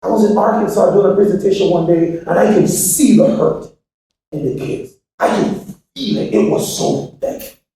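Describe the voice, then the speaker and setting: A man with a high-pitched voice delivers a motivational speech to a hall full of listeners. He swings between shouting and hushed, preachy asides, and he keeps pressing the crowd with questions. The sound is very roomy and captured from far off in a large hall. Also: normal speed, creaky. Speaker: motivational speaker to students. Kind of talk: motivational speech to a live audience. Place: large echoey hall with an audience.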